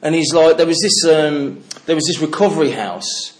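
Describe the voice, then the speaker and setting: Middle-aged man from the Midlands, slightly high voice, blunt sweary storyteller sharing his recovery story. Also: moderate pace. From English Midlands. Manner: candid, swearing, storytelling with laughs. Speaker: recovery speaker. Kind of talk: personal testimony to a meeting.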